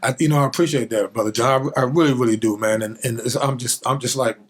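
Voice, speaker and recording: A man's voice: medium pitch, fast talker, slightly rough. A man, a guest on the show, telling a childhood story with energy and drama. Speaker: guest, former football player. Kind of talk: animated storytelling.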